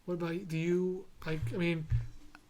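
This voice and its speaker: A man's voice: fairly high pitch, completely flat delivery, moderate pace, a little mellow, slight background noise. A man with a New York accent hosting a podcast, chatting casually and telling stories with frequent restarts. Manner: rambling, restarts, storytelling. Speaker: podcast host. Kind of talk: casual chat.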